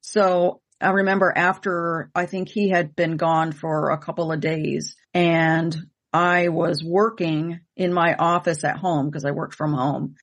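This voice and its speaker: This woman's voice sits on the low side and has a gravelly quality. As a co-host and medium, she tells a personal story candidly and conversationally, earnest and emotional, frequently repeating points to stress them.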